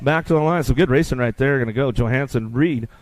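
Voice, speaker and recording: A man's voice: medium pitch, quick pace, darkish tone. A man calling live races as the announcer, rattling off play-by-play and bantering with the crowd. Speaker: race announcer. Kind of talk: live race commentary.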